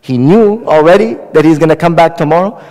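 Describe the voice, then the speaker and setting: Male preacher, slightly high voice. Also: fairly quick, darkish tone, long reverb tail, poor audio. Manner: storytelling, retelling a hadith with dialogue. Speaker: Islamic preacher. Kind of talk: Ramadan night sermon.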